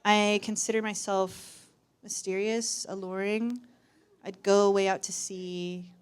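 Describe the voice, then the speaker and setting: A young woman tells a personal story as stand-up, her delivery wry and self-deprecating. Her pitch sits in the middle range. She is performing live on a university stage. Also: fairly even intonation, slow, clear, resonant tone. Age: young adult. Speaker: student performer.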